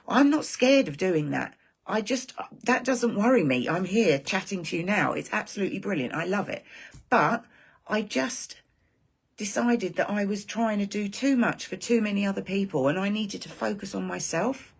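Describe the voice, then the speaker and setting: A woman's voice: mid-range voice, lively intonation, normal speed, vocal fry, husky. A woman hosting a live stream for her group, talking in a rambling, heartfelt casual chat.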